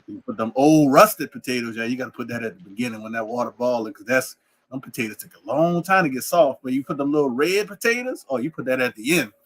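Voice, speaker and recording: Bright-voiced New Orleans man, animated. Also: medium pitch, quick pace. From Louisiana. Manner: animated storyteller, laughs often, slips into character voices. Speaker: podcast co-host. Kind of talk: casual chat.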